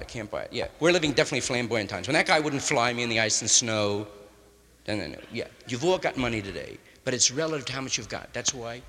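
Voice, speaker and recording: A man riffing loosely in hip slang, often ending lines with "man" and slipping into quick impressions of others. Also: medium pitch, bright, forceful tone, in a large hall. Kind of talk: loose hipster riffing monologue.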